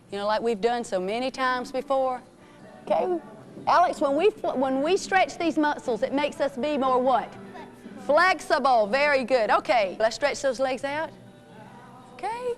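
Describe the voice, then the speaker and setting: Upbeat high-voiced woman coaching kids. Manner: encouraging, calls out names and commands. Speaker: physical education teacher. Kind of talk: coaching a children's fitness class.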